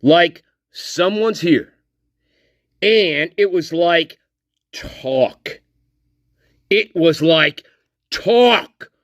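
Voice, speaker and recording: A man hosting a livestream, slowly reading out and mocking a statement in a profane rant. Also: a little high, lively intonation, a bit bright, no room sound, studio quality. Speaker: channel host. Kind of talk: livestream commentary.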